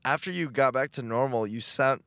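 A man's voice: medium pitch, brisk, a bit bright, dry recording, studio quality. A young man co-hosting a podcast, laughing and teasing his friend in casual chat. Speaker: podcast co-host.

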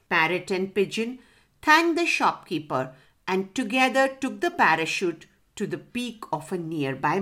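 A woman narrating a children's story slowly and expressively, pausing to ask the children questions. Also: mid-range voice, fairly bright tone.

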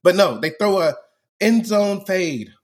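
A man's voice: high voice, lively intonation, a little slow, husky. A man co-hosting a podcast, ranting animatedly and laughing often. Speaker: podcast co-host. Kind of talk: casual chat.

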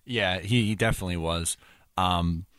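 A man with a notably deep, low voice co-hosts a casual sports podcast. He is relaxed and teasing and keeps steering the talk to the next topic. The sound is dry and close, with no room around it. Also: moderate pace, no echo. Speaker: podcast co-host.

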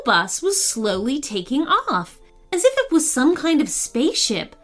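A woman reading a storybook tale aloud as the host, with expressive, lively delivery. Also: on the high side, unhurried, faint music behind. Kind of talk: scripted storybook narration.

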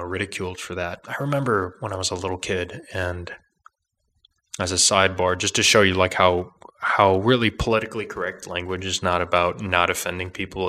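A man's voice: low voice, pushed and bright. A young man hosting a political podcast, talking through an opinionated monologue that rambles, restarts and argues. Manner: rambling, combative, with restarts and asides.

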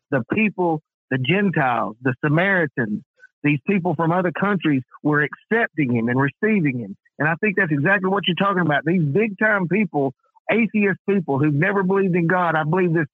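A man's voice: on the high side, dry recording. Fervent man calling in on a tinny phone line. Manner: fervent, chimes in with affirmations. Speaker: caller. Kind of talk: phoned-in call-in conversation.

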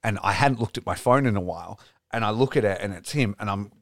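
A man's voice: on the low side, fast talker, no room sound, clean studio sound. A young adult man, co-hosting a podcast and telling long, rambling, profane stories with plenty of laughing. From Australia. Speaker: podcast co-host. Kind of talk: casual podcast chat.

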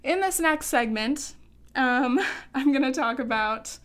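A woman hosting a podcast, ranting quickly and heatedly, running short of breath. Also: sits high, a bit bright, clean tone. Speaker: podcast host. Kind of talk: opinionated podcast monologue.

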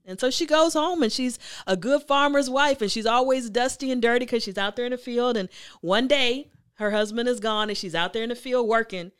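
Animated woman storyteller hosting a talk. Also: a little high, a little fast, clean tone. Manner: animated storyteller, chatty and emphatic. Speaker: host.

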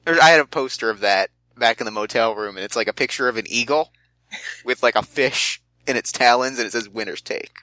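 A man playing a tabletop game, bantering playfully and quickly. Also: mid-range voice, bright, forceful tone, no room sound, low-quality recording. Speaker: player. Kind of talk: casual tabletop play.

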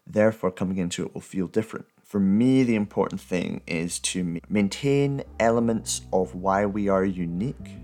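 A Scottish man in his thirties, a guest talking in a thoughtful, articulate and steady way in a casual interview. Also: low voice, normal speed, soft background music. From Scotland. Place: at home.

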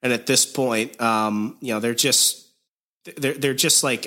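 A man hosting a podcast, giving a rambling, animated, casual recap of a comic. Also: mid-range voice, a little slow. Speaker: podcast host.

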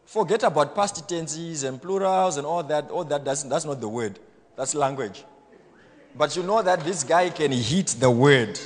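A man pastor preaching a blunt, self-assured sermon, swinging between loud exhortation and quiet asides. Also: a little high, animated, moderate pace, in a large hall. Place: church hall.

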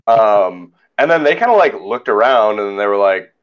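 A man telling a story in casual chat as a podcast host, animated and acting out the people in it. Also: fairly low pitch, slow, dull audio. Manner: animated, mimics others in quoted lines.

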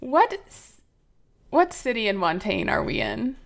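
A woman's voice: a little high, sing-song, measured pace. An American woman playing a tabletop game, casual and offhand, with a jokey manner. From United States. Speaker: player.

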